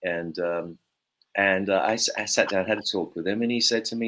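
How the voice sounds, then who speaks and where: A man's voice: sits low, fairly quick, a bit bright, a little hiss or hum. Man rambling through a story. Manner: rambling storyteller, many fillers. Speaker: guest bassist. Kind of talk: anecdotal interview talk.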